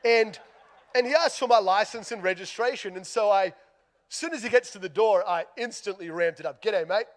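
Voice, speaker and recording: High-pitched and fairly quick, an Australian man livens up his sermon with a comic story at his own expense, his loudness varying widely.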